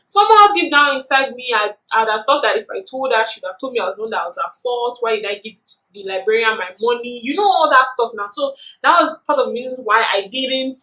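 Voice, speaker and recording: A young woman with a Nigerian accent telling a story in a chatty, animated vlog, filling her talk with "you know". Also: on the high side. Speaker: vlogger. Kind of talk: casual storytelling. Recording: echoey room.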